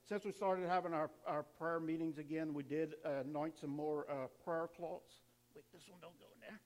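A man, a pastor giving church announcements and leading the offering in a casual, chatty way, with quick laughs and restarts. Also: fairly high pitch. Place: church sanctuary.

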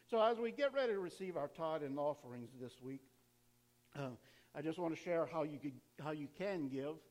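A man, a pastor giving church announcements and leading the offering in a casual, chatty way, with quick laughs and restarts. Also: fairly high pitch, animated, darkish tone. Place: church sanctuary.

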